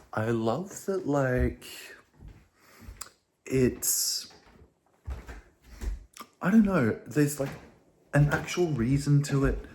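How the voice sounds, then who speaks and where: Slow-talking young man, rambling and sweary. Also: medium pitch, slight background noise. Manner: swearing, rambling, swinging from hushed to loud. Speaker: vlogger. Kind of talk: casual rambling to camera.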